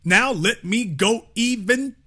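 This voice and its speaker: Fiery, bright-voiced male commentator. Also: extremely high pitch, slow, breathy edge. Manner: emphatic, preachy, rhetorical questions, addresses audience as y'all. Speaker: show host. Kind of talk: impassioned commentary.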